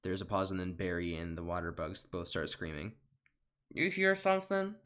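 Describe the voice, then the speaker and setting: A young man reads a movie script aloud in a deep, low voice with a flat, worn-out delivery. The narration is deadpan, as if he is slogging through a long home recording. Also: brisk. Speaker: online comedian. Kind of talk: comedic script reading.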